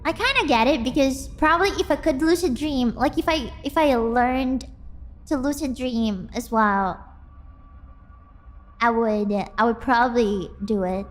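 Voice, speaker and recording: High-voiced chatty woman streamer. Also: unhurried. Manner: excitable, bursts into squealing and laughter. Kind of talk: casual chat with viewers. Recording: faint music in the background.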